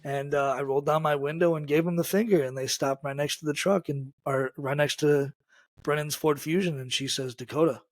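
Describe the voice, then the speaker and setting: A man with a somewhat high voice hosts a podcast and spins teasing stories about his guests. The recording is dry and close to the mic. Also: steady tone, brisk, no echo. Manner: teasing storyteller. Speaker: podcast host. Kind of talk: casual chat.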